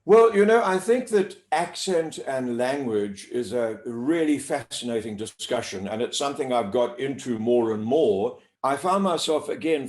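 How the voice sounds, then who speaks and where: A man's voice: mid-range voice, a little mellow. Man, voice coach, roomy sound. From South Africa. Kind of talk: articulate interview answers. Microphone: speaking to camera. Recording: roomy echo.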